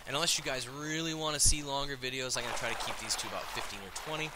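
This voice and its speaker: A man as host giving jokey, excitable let's play commentary. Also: mid-range voice, racing, very noisy. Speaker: gaming host.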